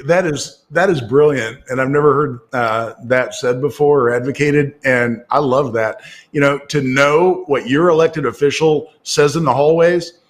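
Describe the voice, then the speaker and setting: A middle-aged man from Indiana talks politics as a guest commentator. He rambles with fillers and restarts and picks up energy when he presses a point. His voice sits at an ordinary pitch for a man. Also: normal speed. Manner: talkative, with frequent fillers and restarts. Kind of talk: casual political talk.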